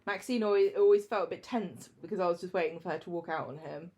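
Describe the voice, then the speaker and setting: A woman co-hosting a podcast in casual chat, recounting plots with lively enthusiasm and frequent ums. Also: lowish voice, fast. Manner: storytelling, lively recap with hesitations. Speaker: podcast co-host.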